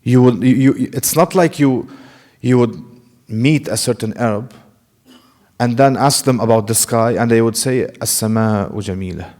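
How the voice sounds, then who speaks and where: A man's voice: medium pitch, darkish tone. Man teaching Arabic pronunciation. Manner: explains step by step, demonstrates Arabic sounds slowly; asks questions and then answers them. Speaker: Quran recitation teacher. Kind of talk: classroom lecture.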